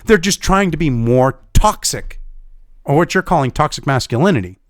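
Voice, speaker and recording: Angry, high-pitched, profane male ranter. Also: animated, normal speed, no echo, studio quality. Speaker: commentary vlogger. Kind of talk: ranting political commentary.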